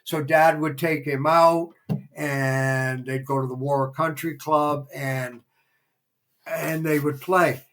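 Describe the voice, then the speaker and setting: A man's voice: fairly high pitch, steady tone, takes it slowly, fairly bright tone, low-quality recording. A man, a former theater promoter, telling rambling behind-the-scenes anecdotes as a podcast guest, full of fillers. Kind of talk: casual interview storytelling.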